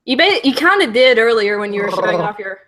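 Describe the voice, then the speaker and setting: A woman's voice: fairly high pitch, expressive, fast talker, fairly bright tone. A woman hosting a YouTube channel, chatting casually with a guest in a playful, giggly way. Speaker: YouTube host. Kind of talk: casual chat.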